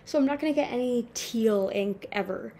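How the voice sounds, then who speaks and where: At home in front of her camera, a nineteen-year-old woman rambles through a casual chat, swearing and poking fun at herself. Her voice is mellow and on the high side, at a normal pace, recorded on the camera mic.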